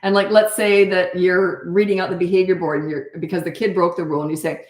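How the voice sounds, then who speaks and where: An older woman coaching parents in a blunt, animated way, answering questions and acting out how to talk. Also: on the low side, brisk, few pauses, reverberant. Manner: blunt, animated, acts out parent and child voices.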